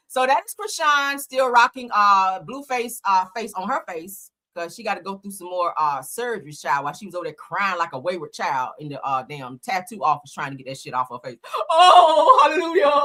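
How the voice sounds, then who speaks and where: A woman hosting a casual gossip show, talking in a profane, animated way and laughing often as she reads posts aloud. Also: medium pitch, fairly quick, few pauses. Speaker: host.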